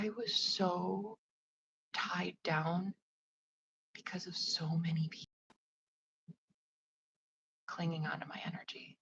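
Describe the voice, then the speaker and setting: A woman, a psychic medium, talking casually on a livestream in a soft, often half-whispered voice, rambling with lots of fillers. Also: on the low side, little pitch movement, a little slow, pauses often, lo-fi sound. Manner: loose, rambling with many "like" fillers. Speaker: psychic medium and spiritual advisor.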